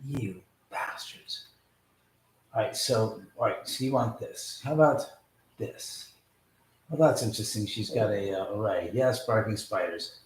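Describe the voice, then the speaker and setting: A man's voice: on the low side, animated, moderate pace. A man hosting a casual live stream from his home, telling rambling, profane stories and laughing as he goes. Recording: echoey room.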